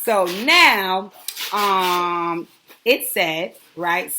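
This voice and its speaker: A woman with a slightly low voice gives a casual recap commentary. She talks in a gossipy, animated way. She keeps tossing off quick dismissive asides as she goes. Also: slight background noise. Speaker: reality show commentator.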